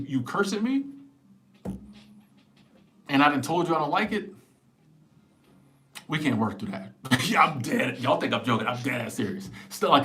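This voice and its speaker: A man in his forties hosting a casual live stream, answering viewers in an animated, emphatic, joking way on a small clip-on mic. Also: a little high, slight background noise. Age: 40s. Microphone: small wireless clip-on mic.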